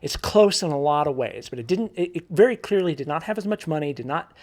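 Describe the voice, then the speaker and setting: A man's voice: on the high side, lively intonation, fast talker. A man giving a casual spoken film review, informal and candid, thinking aloud with frequent restarts and repeated words.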